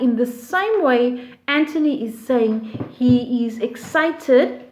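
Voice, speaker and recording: A woman explains a play slowly, with many fillers and restarts. Her voice sits high. The recording has a roomy echo. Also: darkish tone. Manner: slow, deliberate, with frequent fillers and restarts. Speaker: literature teacher.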